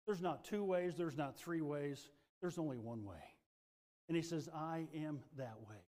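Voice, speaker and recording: A middle-aged male pastor delivers a fervent sermon in a slightly high voice. He swings between hushed, quiet lines and loud, rising passages. A long reverb from the church sanctuary trails after his words. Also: lively intonation, moderate pace.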